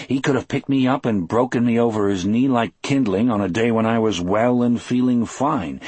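A man narrating a first-person audiobook in a measured, expressive storytelling voice. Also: on the low side, husky, dry recording.

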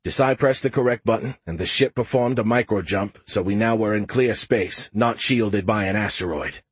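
A man narrating a science fiction audiobook in the first person at a steady, measured pace. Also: fairly low pitch, slightly rough, no echo.

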